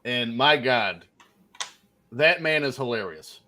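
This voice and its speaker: A man's voice: medium pitch, expressive, slow, bright, forceful tone. A man co-hosting a casual podcast, playfully arguing and emphatic. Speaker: podcast co-host and story writer. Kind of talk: casual banter.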